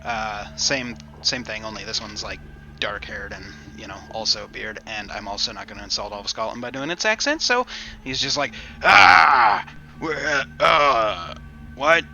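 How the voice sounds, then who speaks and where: A man narrating as game master of a tabletop game, easygoing and casual, with many pauses. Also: lowish voice, lively intonation, pushed and bright, highs cut off. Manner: easygoing, casual, says "uh" often.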